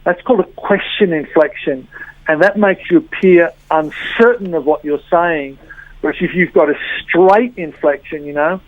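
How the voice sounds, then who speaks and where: A woman's voice: sits low, normal speed, no room sound. A woman guest explains her points over a thin, phone-like line. Her delivery is full of fillers and repeated starts, and the sound is dry with no room to it. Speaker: body language trainer.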